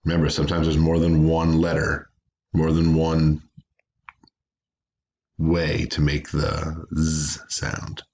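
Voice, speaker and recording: A man with a very low, deep voice leads a recorded phonics lesson for young students. He speaks patiently and carefully, breaking words into syllables and repeating each sound. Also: completely flat delivery, slow, gravelly, long pauses, darkish tone. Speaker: teacher.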